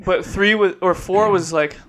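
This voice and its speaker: High-voiced young man, joking podcast chat. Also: moderate pace, a crowd in the background. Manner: joking, swears freely, laughs often. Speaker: podcast co-host. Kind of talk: casual chat.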